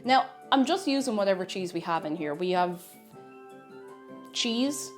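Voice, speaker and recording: Lively Irish woman chatting while cooking. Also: mid-range voice, unhurried, soft background music. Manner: chatty, self-mocking, thinking aloud. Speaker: streamer. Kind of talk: casual cooking stream chat. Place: home kitchen.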